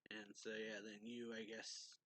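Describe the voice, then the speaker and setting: A man's voice: lowish voice, monotone, measured pace, bright, forceful tone, dry recording, low-quality recording. A man casually reviewing a manga chapter, recapping the plot in a rambling way, chuckling often and using lots of fillers.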